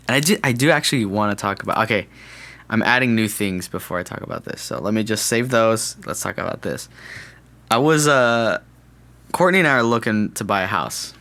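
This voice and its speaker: Young male podcast host, lowish voice, loose rambling solo chat with self-corrections and jokes. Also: fairly bright tone. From California.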